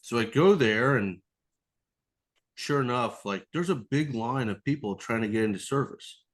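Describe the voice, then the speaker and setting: A man with a mid-pitched voice chats on a podcast as the guest. He tells a rambling story with plenty of swearing and acts out the people in it. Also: expressive, normal speed. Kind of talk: casual storytelling chat.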